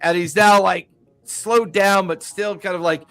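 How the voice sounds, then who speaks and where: A man running a tabletop game over a voice call, his voice sitting a bit high for a man. He narrates with a loose, chuckling manner and plenty of ums. Faint music plays underneath. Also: steady tone, unhurried, bright, forceful tone. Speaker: game master.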